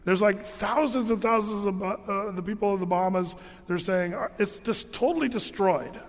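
A middle-aged man preaches a sermon in a loose, storytelling way, often starting his sentences over. His voice sits high for a man. The sound carries the long reverb of a large church hall. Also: normal speed. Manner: conversational storytelling with many restarts. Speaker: pastor.

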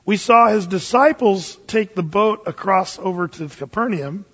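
A man's voice: high voice, unhurried, fairly bright tone, husky. A man teaching the Bible verse by verse as a pastor, in a folksy, emphatic, chatty way. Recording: dull, echoey hall recording.

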